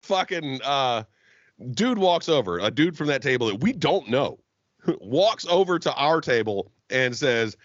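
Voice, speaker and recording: A man's voice: mid-range voice, fairly bright tone, no echo, highs cut off. A man co-hosting a podcast, telling a profane bar story with crude jokes and laughter. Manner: crude, laughing, acts out voices in his stories. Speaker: podcast co-host.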